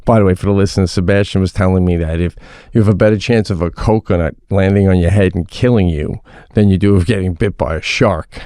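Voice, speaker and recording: A man co-hosting a podcast, telling stories in a casual, animated way and swearing often, on a studio mic. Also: low voice, fast, clear, resonant tone, no echo. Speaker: podcast co-host. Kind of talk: casual chat.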